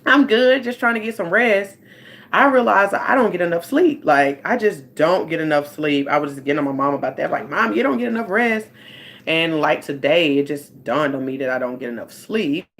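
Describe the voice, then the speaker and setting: A woman's voice: on the low side, lively intonation, fairly quick, a bit bright. A rambling, chatty woman, talking to her livestream viewers. She speaks into a phone at home, loose and conversational, like a life coach catching up with her audience. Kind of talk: casual livestream chat.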